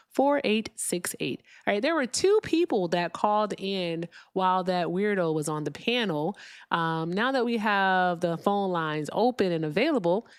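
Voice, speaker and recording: A woman's voice: medium pitch, clean tone, no room sound, clean studio sound. A woman hosting a live political stream, ranting bluntly and reading viewer comments aloud. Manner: blunt, profane, ranting, reads super chats aloud. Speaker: livestream political talk host.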